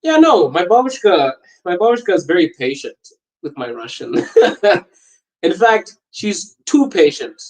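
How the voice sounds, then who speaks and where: A man hosting a podcast, chatting casually and telling lively anecdotes, laughing often as he talks. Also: high-pitched, a little slow, rough recording. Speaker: podcast host. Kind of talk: casual storytelling chat.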